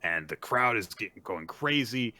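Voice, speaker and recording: A man's voice: fairly low pitch, animated, moderate pace, bright, forceful tone. A man co-hosting a casual podcast, animatedly retelling chapters and acting out the characters' lines. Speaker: podcast co-host recapping manga. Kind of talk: casual chat.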